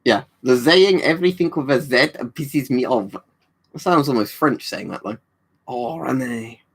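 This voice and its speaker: Man, streamer reading chat, casual, swears, rambling, lots of fillers, medium pitch. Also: lively intonation, moderate pace, slightly rough.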